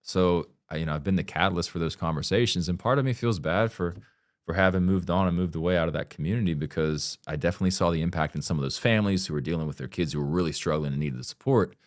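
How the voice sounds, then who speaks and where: A man's voice: deep voice, quick pace, dry recording, studio quality. A man speaking as a podcast guest in a casual interview, blunt and candid, swearing freely and talking with earnest emphasis.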